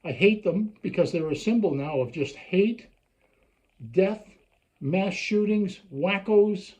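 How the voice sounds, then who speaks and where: A man's voice: high voice, takes it slowly, dark tone, rough recording. An older man from Canada delivering an angry, sarcastic ranting monologue, often mocking others in put-on voices. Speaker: vlogger.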